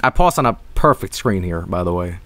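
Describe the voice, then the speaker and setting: A man's voice: low voice, fairly quick, over music. Swearing, rambling male game streamer. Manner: rambling, profane, animated, jumps to silly voices. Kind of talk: casual gameplay commentary.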